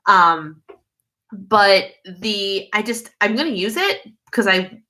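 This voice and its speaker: Chatty woman with a bright voice. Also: medium pitch, animated, slow pace. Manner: chatty and easily sidetracked, with many fillers. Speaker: YouTube livestream host. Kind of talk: casual livestream chat.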